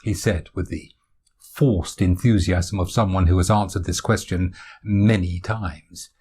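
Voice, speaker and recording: A man's voice: low-pitched, steady tone, a little slow, a little mellow, a little hiss or hum. A man reading his own novel aloud as audiobook narration, in a wry, self-deprecating first-person manner.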